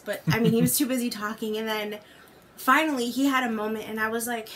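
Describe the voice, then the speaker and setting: A woman's voice: a little high, steady tone, a little fast, a bit bright, slight background noise. A young woman fresh out of college, a podcast guest, chatting casually and hesitantly with many fillers. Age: young adult. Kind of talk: casual chat.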